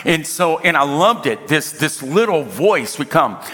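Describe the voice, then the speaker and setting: A man preaching a sermon, telling a personal story with humor and emphatic slowdowns. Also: fairly high pitch, very animated, bright, forceful tone. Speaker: pastor. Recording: reverberant hall.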